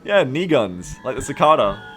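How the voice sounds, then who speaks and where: A man streaming a strategy game live, excitable and rambling, swearing freely as he plays. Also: medium pitch, normal speed, soft background music. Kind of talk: casual gaming livestream commentary.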